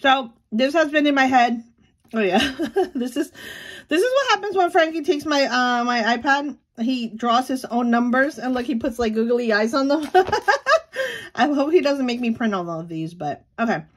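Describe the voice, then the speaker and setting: A woman's voice: sits high, very animated, moderate pace. A woman in her thirties chatting casually at home as she vlogs about running her small sticker shop, with lots of fillers and small laughs. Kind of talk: casual vlog chat.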